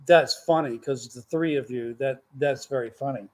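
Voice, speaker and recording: A man's voice: mid-range voice, moderate pace, darkish tone, a little hiss or hum. An older man, rambling folksy stories to his grandchildren as host of a casual chat. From Texas.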